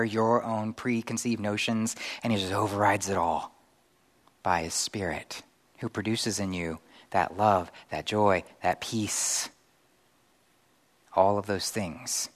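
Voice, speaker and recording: A middle-aged male pastor preaching a conversational sermon with animated acted-out asides. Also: on the low side.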